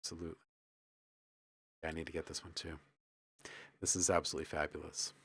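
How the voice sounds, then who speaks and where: Deep gravelly man chatting while producing. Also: quick pace, no room sound. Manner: relaxed, enthusiastic, reads chat aloud, thinks out loud. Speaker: livestream host and music producer. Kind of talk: casual live-stream chat while producing.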